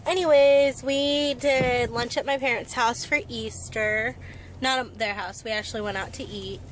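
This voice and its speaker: A woman's voice: on the high side, fairly even intonation, moderate pace. Playful chatty woman vlogger, noisy car. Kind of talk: casual vlog chat. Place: car and store. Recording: noisy car and street recording.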